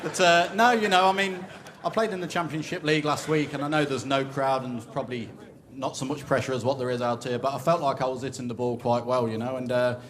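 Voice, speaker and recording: A man, a snooker player, chatting in a post-match interview with lots of "you know". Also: mid-range voice.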